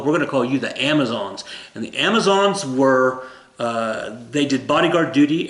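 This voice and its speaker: A man teaching a casual recorded history lesson, rambling and joking as he corrects himself. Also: mid-range voice. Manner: rambling, jokey, self-correcting. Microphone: camera. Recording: roomy echo.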